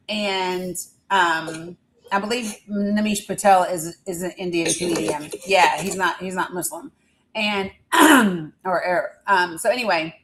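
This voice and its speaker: A woman's voice: on the low side, fairly bright tone, slight background noise, low-quality recording. A woman chatting casually on a live stream, rambling through a story and teasing her viewers.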